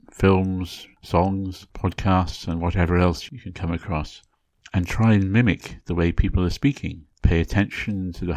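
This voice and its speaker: A man from England speaking with a Received Pronunciation accent, giving a measured, clearly enunciated educational talk as a podcast host. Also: low voice, darkish tone, no room sound. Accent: English Received Pronunciation.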